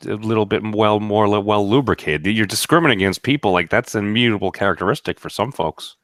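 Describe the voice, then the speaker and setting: A man in a casual group chat, speaking in a deadpan, halting way. He restarts his sentences often. His voice is low and dry. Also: no echo.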